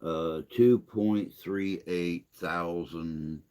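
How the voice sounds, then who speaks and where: A man's voice: low-pitched, drawn-out words, warm tone, clean tone. An older man hosting a casual livestream chat, reading viewer comments aloud in a rambling, self-deprecating way.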